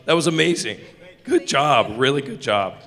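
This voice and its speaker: A man hosting a voice acting workshop, chatty, energetic and encouraging. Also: medium pitch, moderate pace, faint music behind. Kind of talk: convention panel talk. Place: convention panel room. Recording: echoey convention hall.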